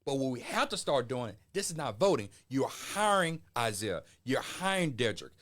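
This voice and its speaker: A man's voice: medium pitch, sing-song, moderate pace, a bit bright. A man with a Southern US accent, a political commentator in a casual panel chat, folksy and playful with a preacher-like cadence.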